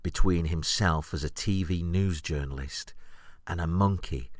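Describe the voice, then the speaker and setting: A man hosting a podcast, recounting an anecdote in a wry, deadpan storytelling monologue. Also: sits low, unhurried, no echo, clean studio sound. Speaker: podcast host.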